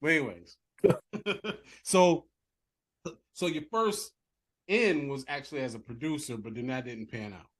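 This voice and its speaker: A man hosts a laid-back interview with a lively, playful delivery. He speaks at a middle pitch and turns to his viewers with casual, slangy asides. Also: measured pace, pauses often. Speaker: interview host.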